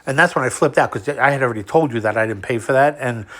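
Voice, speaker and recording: Hoarse man angrily retelling a dispute. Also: medium pitch, fast talker, fairly bright tone. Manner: heated, curses freely, stumbles and repeats. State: losing his voice. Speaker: unhappy customer. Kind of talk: casual angry retelling.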